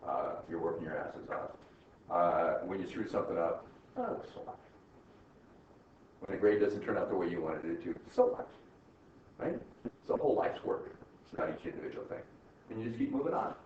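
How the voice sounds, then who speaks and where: An older man, a college professor, giving a rambling, chatty classroom lecture and laughing at his own stories. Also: on the low side. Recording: echoey classroom from far off, dull and faintly noisy.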